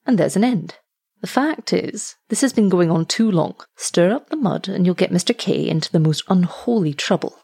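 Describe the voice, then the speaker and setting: A man's voice: high voice, animated, moderate pace, gravelly, darkish tone, slightly rough, heavily acted. A woman reading a cool, sneering young doctor. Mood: coolly persuasive. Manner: coolly dismissive, sneering.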